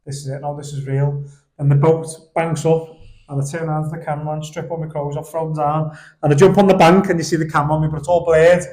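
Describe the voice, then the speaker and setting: A young man on a podcast, telling stories in a lively, animated way and laughing along as he goes. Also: fairly high pitch, fast, reverberant. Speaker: podcast guest. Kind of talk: casual storytelling chat. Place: indoor podcast studio.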